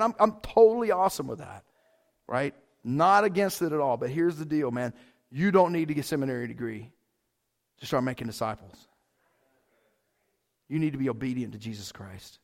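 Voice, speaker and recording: A man preaching a sermon as pastor, casual and excited, with big swells in volume. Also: on the high side, vocal fry.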